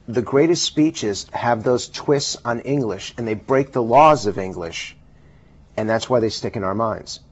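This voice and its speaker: A man with a husky voice giving emphatic, explanatory answers as a guest in a televised interview. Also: mid-range voice, measured pace. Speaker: political pollster guest. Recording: dull lo-fi television audio.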